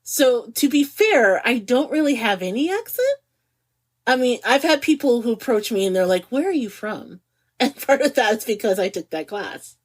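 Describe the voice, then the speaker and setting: Speak as a middle-aged woman co-hosting a casual podcast. Let your pitch bounce around freely, keep a soft husky edge, and stretch key words with a giggle underneath. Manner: animated, giggly, drawn-out emphasis. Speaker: podcast co-host. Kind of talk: casual chat.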